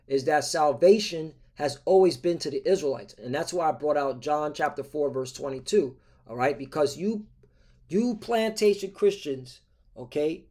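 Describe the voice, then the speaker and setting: A male preacher with a somewhat high-pitched voice reads verses aloud and then explains them in his own words. He keeps checking in with his listeners, "all right? okay?", and his tone is combative. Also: a little mellow. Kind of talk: scripture-reading sermon.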